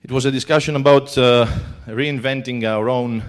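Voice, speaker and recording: A man's voice: mid-range voice, steady tone, moderate pace, clean tone. A man with a Greek accent giving a talk at a conference, hesitant and full of filler sounds. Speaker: conference speaker. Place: conference hall.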